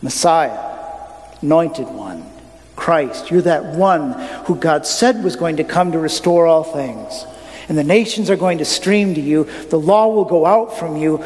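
A man's voice: on the high side, darkish tone, close to an everyday voice. A man voicing a humbled fisherman disciple who makes earnest, solemn declarations of faith within a sermon. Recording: long reverb of a large hall.

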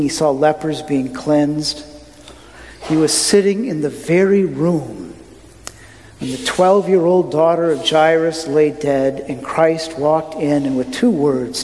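A man's voice: a little high, a little mellow. A man preaching a sermon, telling the story with rhetorical questions put to the congregation. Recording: long reverb of a large hall.

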